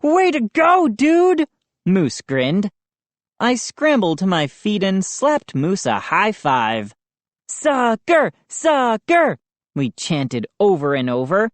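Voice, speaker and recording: A woman reading a children's audiobook aloud at a slow, steady pace, her pitch moving lively through the lines. The reading is dry and close, with no room sound. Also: no echo. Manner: expressive, unhurried reading. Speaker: audiobook reader. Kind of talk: scripted audiobook narration.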